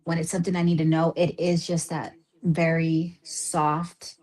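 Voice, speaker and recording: A woman with a lowish, husky voice speaks openly and casually in a podcast conversation, in a relaxed and unguarded way. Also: moderate pace.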